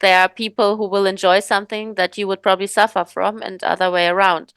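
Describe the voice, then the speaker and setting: A woman's voice: medium pitch, flat delivery, brisk, a bit bright, clean tone, dry recording. A woman co-hosting a podcast in casual chat, thoughtful and rambling, with many fillers and restarts. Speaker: podcast co-host.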